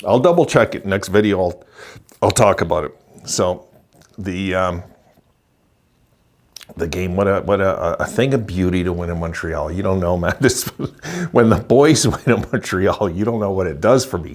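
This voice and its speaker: A man in his sixties giving an excited, chuckling postgame rant as a hockey vlogger, repeating himself for emphasis. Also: sits low, moderate pace, pauses often. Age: 60s. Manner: gleeful, chuckling, emphatic repetition.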